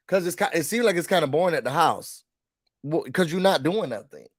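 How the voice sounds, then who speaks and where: High-voiced man ranting about a reality show. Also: no room sound, clean studio sound. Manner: animated, exasperated, talks straight to the people on the show; mimics the show's people in quick put-on voices. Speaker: reality TV reviewer. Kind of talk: casual rant to camera.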